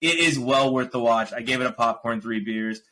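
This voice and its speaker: A man's voice: medium pitch, moderate pace, a little hiss or hum, poor audio. A man hosting a podcast, chatting casually and ranting animatedly about films and shows he watched. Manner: animated, ranting, laughs often. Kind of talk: casual review chat.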